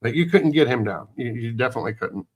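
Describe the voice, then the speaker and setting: A man's voice: mid-range voice, animated, breathy edge. A man in casual chat who reminisces fondly and often restarts his sentences. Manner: halting, fond reminiscing with many restarts.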